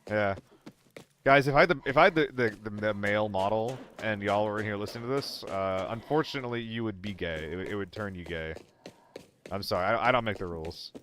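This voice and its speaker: A young gaming streamer talks a little fast in a lowish, fairly bright voice while he plays a shooter solo. He chats and swears casually, addresses his viewers directly, banters with them, and drifts between subjects, with a bit of hiss or hum in the audio.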